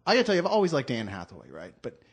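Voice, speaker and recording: A man's voice: medium pitch, wildly swooping pitch, very fast, breathy edge. A man co-hosting a movie review podcast, making sardonic wisecracks in casual banter. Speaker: co-host reviewer.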